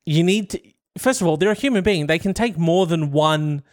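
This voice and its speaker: A man's voice: on the high side, moderate pace. A man with a slightly raised voice tells a story and teases, now and then slipping into playful quoted voices. He speaks in an easy, casual chat manner.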